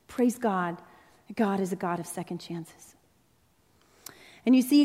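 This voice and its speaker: A woman preacher delivering an impassioned, dramatic sermon in a church sanctuary. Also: a little high. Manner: impassioned, dramatic, rising and falling intensity. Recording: long reverb in a large hall.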